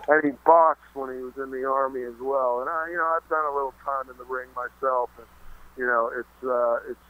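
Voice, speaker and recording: A man being interviewed in casual chat, halting with many restarts and fillers, and swearing freely. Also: mid-range voice, steady tone, narrow, tinny audio. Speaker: interview guest.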